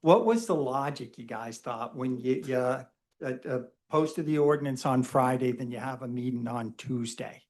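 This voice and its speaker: A man speaking at public comment at a town council meeting, halting with many fillers as he asks measured questions. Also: mid-range voice, darkish tone.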